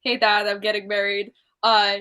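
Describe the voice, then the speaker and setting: A woman tabletop game player telling her scenes in an animated, giggly way. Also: medium pitch, moderate pace, clean tone. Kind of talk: casual play and chat.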